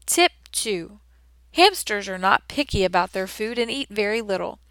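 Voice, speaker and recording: A woman reading a children's book aloud in an expressive, measured storytelling way. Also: medium pitch, clear, resonant tone, no echo. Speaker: storybook reader.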